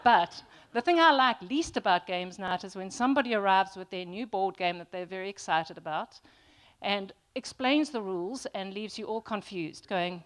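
A woman delivers a sermon to a congregation. She speaks earnestly and stresses her points, often stopping to restart with an um. Her voice sits at an ordinary middle pitch. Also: lively intonation, moderate pace. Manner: earnest, emphatic, with frequent ums and restarts. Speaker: preacher.

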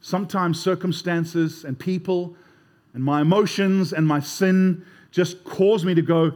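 A man's voice: sits high, fairly even intonation, measured pace, a little mellow. A man preaching a sermon as pastor, emphatic and conversational, often repeating words.

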